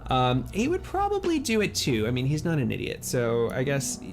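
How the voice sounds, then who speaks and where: A man running a tabletop game as game master, narrating in a halting way with many fillers. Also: medium pitch, huge pitch swings, faint music behind. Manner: halting, full of fillers and restarts.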